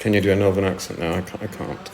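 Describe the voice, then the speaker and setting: A man's voice: sits low, steady tone, racing. A man chatting casually on a live stream from home, rambling and self-deprecating as he answers viewers' comments into his phone. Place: indoors at home.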